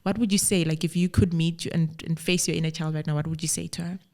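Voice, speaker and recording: A woman who is a podcast host and life coach speaks in a reflective, affirming way, using many filler phrases in a conversational interview. Her voice sits low and a little mellow, with fairly even intonation and a quick pace.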